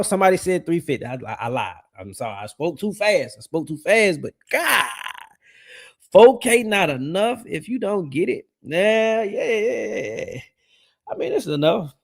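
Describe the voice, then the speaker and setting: A young man streaming a casual reaction, talking in slang, laughing often and swinging between loud and quiet. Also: fairly high pitch, creaky.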